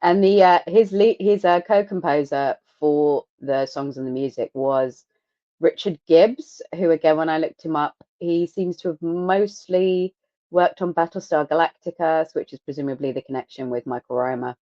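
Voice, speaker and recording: Low-voiced sweary woman podcaster. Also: normal speed, no room sound. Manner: animated, sweary, sarcastic storytelling. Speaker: podcast co-host. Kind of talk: casual podcast chat. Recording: dry, dull lo-fi mic.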